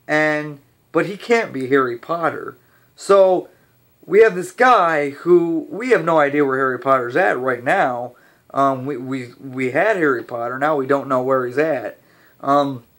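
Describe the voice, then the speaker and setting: A young man rambling casually through a movie review, ranting a little and restarting his sentences, his voice slightly hoarse. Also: a little high, fairly bright tone.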